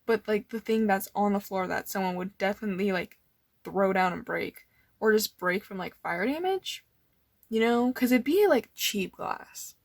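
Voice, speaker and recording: A young woman chats through her old art in a loose, nervous ramble, stacking up filler words. Her voice sits at a middle pitch, and the recording is dry with no room echo. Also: animated, moderate pace, gravelly. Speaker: artist showing old sketchbooks. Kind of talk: casual rambling chat.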